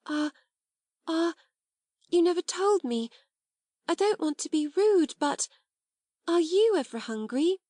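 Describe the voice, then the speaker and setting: A timid, eager schoolgirl with a high, piping voice, as a woman reads her, chattering in quick, breathless bursts. Her lines lift far above the narration, with a dry, close sound. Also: animated, dark tone, no echo, exaggerated voice. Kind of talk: audiobook character reading.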